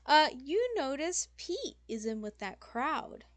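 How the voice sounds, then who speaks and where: A woman's voice: high voice, sing-song, takes it slowly, dry recording. A woman game master narrating a tabletop game in a loose, casual way, full of fillers and swearing.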